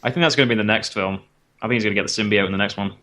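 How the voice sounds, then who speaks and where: Fast-talking man joking about movies. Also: lowish voice, pushed and bright. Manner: quick joking interjections. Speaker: movie review panelist. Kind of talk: casual film review chat.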